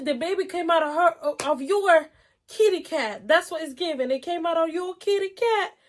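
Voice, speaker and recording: A woman's voice: extremely high pitch, very noisy. A young woman reading online posts aloud and reacting in a casual, outspoken way, swearing and getting heated. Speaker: storytime reactor.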